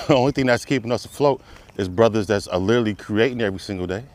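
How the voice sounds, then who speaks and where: With a lowish voice and a quick pace, a male commentator delivers a fervent, preachy monologue. His rhetorical questions keep coming, rising to emphatic peaks.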